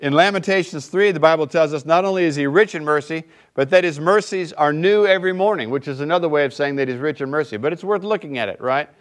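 A man preaching a sermon in a relaxed, conversational way, often checking in with his listeners. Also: on the high side, quick pace, hardly any pauses. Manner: conversational, keeps asking "right?". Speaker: pastor.

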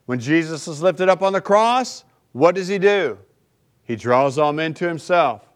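A man's voice: fairly high pitch, animated, a little slow. A male pastor preaching a sermon in a conversational way, often checking in with the listeners by asking "right?".

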